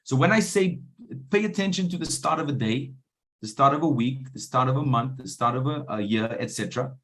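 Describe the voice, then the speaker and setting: A man coaching a live online trading room, often pausing to ask whether his listeners are following. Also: medium pitch, animated. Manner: keeps checking in with listeners. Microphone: video call.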